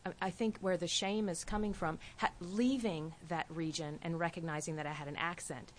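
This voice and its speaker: A woman with a light Appalachian accent speaks in a low voice, thoughtful and literary in her phrasing. She talks as a writer in a casual panel discussion. Faint room ambience sits behind her. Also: steady tone, normal speed, a little hiss or hum.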